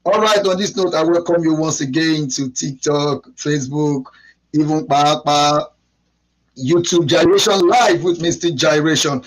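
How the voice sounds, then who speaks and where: A man's voice: a little high, unhurried, poor audio. A man hosting a live stream, opening with an emphatic, repetitive prayer and welcome. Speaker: live show host.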